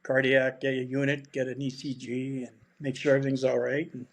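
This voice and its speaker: A man in his seventies, guesting on a podcast, tells a casual story in a brisk, monotone, medium-pitched voice. He's chatty and blunt, swears freely, and laughs his way through the tale.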